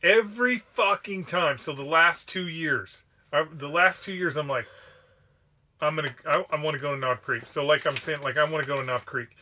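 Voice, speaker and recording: A man's voice: fairly high pitch, moderate pace, bright, forceful tone. A man from Southern California co-hosting a podcast, bantering casually with swearing and laughter. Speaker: podcast co-host. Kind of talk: casual chat.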